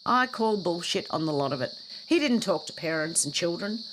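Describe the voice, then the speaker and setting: A woman's voice: on the low side, lively intonation, a little fast. A woman hosting a casual live stream, reading out comments and cutting in with blunt, scornful remarks. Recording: clear background noise with crickets.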